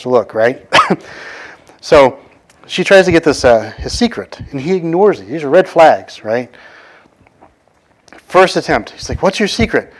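A man in his thirties preaching in a casual, conversational way, often adding "right?" and acting out the people he quotes. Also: fairly high pitch. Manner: conversational, animated, frequent "right?" asides; acts out quoted voices. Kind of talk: casual sermon.

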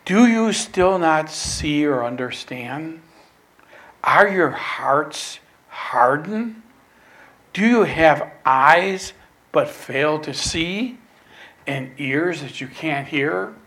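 Man preaching, voicing a patient, rebuking male teacher in a sermon. Slow, pointed questions. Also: on the high side, expressive, fairly bright tone.

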